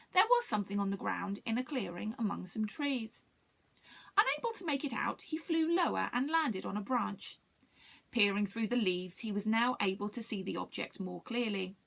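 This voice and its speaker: A woman reading a children's storybook aloud for a library story time, expressive and animated. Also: mid-range voice, moderate pace, vocal fry.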